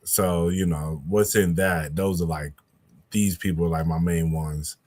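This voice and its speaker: A young man hosting a podcast in casual chat, laid-back and drawn-out with many fillers. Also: low-pitched, steady tone, darkish tone.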